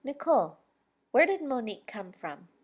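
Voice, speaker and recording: A woman voicing a serious, gentle male Jesus figure in an audiobook, speaking gravely and earnestly. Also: fairly high pitch, very animated, normal speed, pitched above the performer's own voice. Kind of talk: audiobook character reading.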